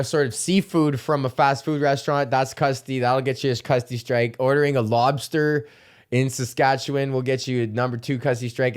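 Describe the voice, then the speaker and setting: A man's voice: mid-range voice, clean tone. A young man hosting a comedy podcast, ranting in a casual, rambling way, swearing and laughing often. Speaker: podcast host.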